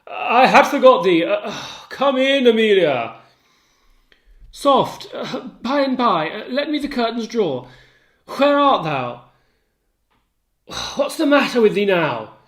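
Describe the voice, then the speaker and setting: A grave, tormented general declaiming verse, read aloud by a man. He lingers over his words, and his pitch rises and falls widely as he shifts between hushed brooding and loud accusation. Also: big pitch swings, takes it slowly, long pauses, heavily acted. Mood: anguished. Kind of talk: dramatic reading of a play.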